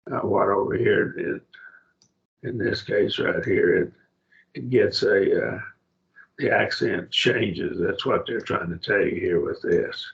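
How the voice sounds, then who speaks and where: A man teaching a Greek grammar lesson in a church class, halting and restarting often as he explains. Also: lowish voice, vocal fry, fairly bright tone, lo-fi sound. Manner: halting, with many fillers and restarts.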